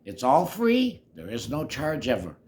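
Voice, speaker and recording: An older man reads a puppet story to children in an animated, playful way, slipping into hushed whispery asides. He talks slowly, and his pitch swings widely as he goes. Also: a little hiss or hum.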